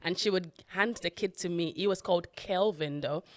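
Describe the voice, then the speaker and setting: Woman, podcast co-host, storytelling, affirming, lowish bright voice, dry close recording. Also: moderate pace, no echo. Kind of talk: casual heartfelt chat.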